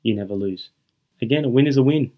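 On narrow, tinny audio, a young motivational podcast host with a medium-pitched voice speaks at a quick pace. He is earnest and emphatic, calls his listeners "guys" and keeps repeating his main points.

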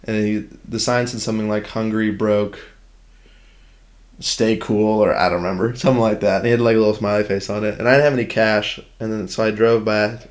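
This is a man with a somewhat low voice, chatting casually as a co-host. He tells his stories with a joking edge and throws in goofy voices for the people he quotes. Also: fairly even intonation, fairly quick. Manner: joking storyteller, does silly voices. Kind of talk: casual chat.

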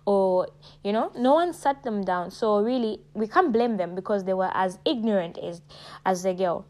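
Woman vlogger, mid-range voice, preachy and emphatic, direct address to camera. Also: moderate pace. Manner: emphatic and preachy, addresses listeners as sweetheart and darling; animated, jumps high in pitch when stressing points. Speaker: vlogger giving advice. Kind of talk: casual direct-to-camera talk.

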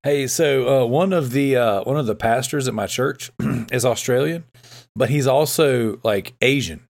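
A man's voice: medium pitch, unhurried, gravelly, darkish tone. A man hosting a casual podcast chat, rambling with fillers and frequent laughs. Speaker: podcast host.

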